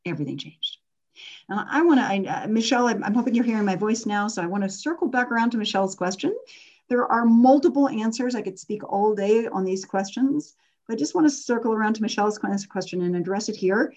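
A woman's voice: mid-range voice, fast talker, darkish tone, highs cut off. A middle-aged woman hosting an online workshop, talking candidly and casually with fillers and laughs. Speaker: workshop host and coach.

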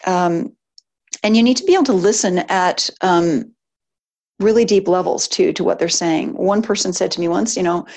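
A woman's voice: lowish voice, moderate pace. Encouraging woman coaching a group. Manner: warm, encouraging, with frequent laughs and fillers; emphatic, lists numbered steps. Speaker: business coach. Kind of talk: live online coaching session.

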